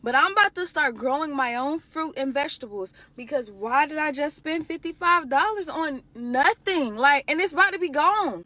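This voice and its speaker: A woman's voice: sits high, expressive, normal speed, hardly any pauses, bright, forceful tone, no echo. A woman in a casual vlog rant, incredulous and swearing. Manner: incredulous, swears, says bruh.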